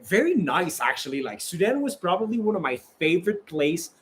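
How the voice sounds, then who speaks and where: A man who is a travel vlogger, chatting casually in a bubbly, animated way with many fillers. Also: high voice, fairly quick. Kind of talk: casual chat.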